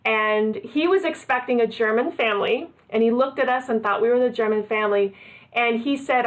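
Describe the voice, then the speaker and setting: A middle-aged woman from the United States, a guest telling a story in a casual interview, lively and laughing often. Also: fairly high pitch, moderate pace.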